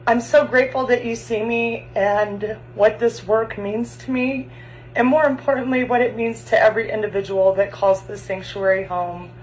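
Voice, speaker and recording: A woman who co-founded an animal sanctuary speaks earnestly and with deep gratitude, then talks outdoors at the sanctuary. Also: fairly even intonation, normal speed, dull audio, a little hiss or hum. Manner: emotional, grateful, earnest. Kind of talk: heartfelt address, then outdoor tour.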